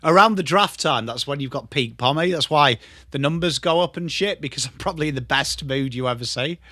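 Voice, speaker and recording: A man's voice: fairly high pitch, fairly quick, sharp tone, dry recording, clean studio sound. An English man in his thirties, host of a casual live stream, chatting loosely and swearing as he answers viewers. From England. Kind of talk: casual live watchalong chat.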